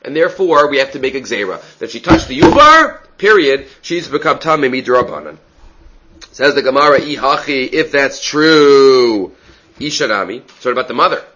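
A man's voice: mid-range voice, big pitch swings, brisk, pushed and bright, lo-fi sound, slight background noise. A man giving a casual Talmud study lecture, reading Aramaic phrases and explaining them in English, often asking "right?". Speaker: Talmud teacher.

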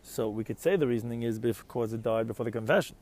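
A man's voice: medium pitch, fast, a little mellow. A man giving a Talmud lecture, reading Aramaic phrases and explaining each one in English, often posing questions to his listeners. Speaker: Talmud teacher.

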